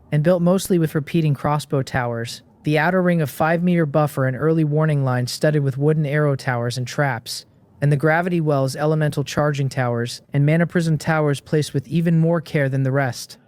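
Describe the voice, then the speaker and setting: A man narrating a fantasy story recap in a steady, measured scripted read. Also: on the high side, no room sound.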